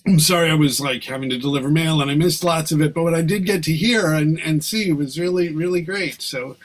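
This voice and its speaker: A man's voice: a little high, brisk. A man hosting an online play reading, chatting casually and hedging his words over a video call.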